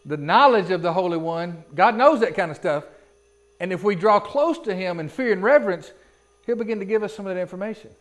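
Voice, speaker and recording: A man delivers a sermon from the pulpit, his voice sitting fairly high for a man. He preaches in a folksy, conversational way, throwing rhetorical questions at his listeners. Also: animated, a little fast. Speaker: pastor.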